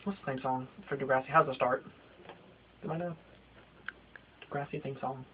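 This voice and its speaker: With a medium-pitched, slightly rough voice and fairly even intonation, a young man in his late teens delivers a comedic vlog rant at a moderate pace, full of swearing and exaggeration. It's recorded with dull, lo-fi home video audio.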